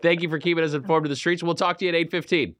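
A man's voice: fairly high pitch, rapid-fire. A man hosting a morning radio show, joking and bantering playfully with his guests. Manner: animated, joking.

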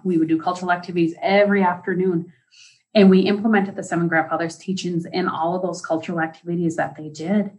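A woman educator shares a school story with lively storytelling energy. Her voice sits slightly low for a woman. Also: rough recording. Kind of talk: storytelling in an interview.

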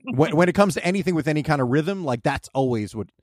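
A man's voice: fairly high pitch, quick pace, no echo, studio quality. A man in his thirties, chatting animatedly on a podcast, who likes to imitate people. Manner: animated, does impressions. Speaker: podcast co-host. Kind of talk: casual chat.

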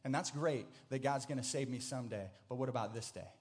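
A man preaching a sermon, earnest, often repeating words, moving between hushed reflection and loud, emphatic proclamation. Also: medium pitch, fast talker. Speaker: pastor.

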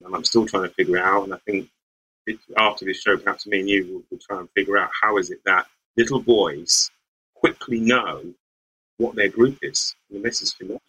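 A middle-aged lawyer from the West Midlands tells stories from his boyhood as an interview guest. His voice sits fairly low, yet it sounds bright and forward, with a husky edge. He talks reflectively, pausing and circling back as he works through his thoughts. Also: poor audio. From English West Midlands. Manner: thoughtful, searching, with frequent restarts and light laughs.

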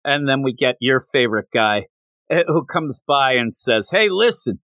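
A man co-hosting a podcast, chatting casually and animatedly about a manga chapter, often slipping into quick voices for the characters. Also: mid-range voice, sharp tone, dry recording. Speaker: podcast co-host.

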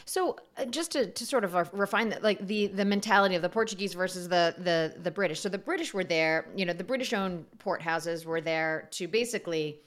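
A woman's voice: fairly low pitch, fairly quick, hardly any pauses. A woman hosting a podcast interview, friendly and chatty, asking questions and laughing easily. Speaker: podcast host.

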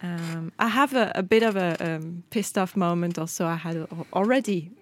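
A woman's voice: on the low side, moderate pace. A middle-aged woman, co-hosting a casual chat and telling a story with quoted dialogue. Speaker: podcast co-host.

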